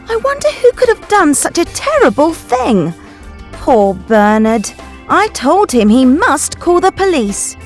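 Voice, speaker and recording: A chatty young woman in a sitcom, high-voiced and unhurried. Her tone swings widely as she confides in the listener. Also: full character voice. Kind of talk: sitcom acting.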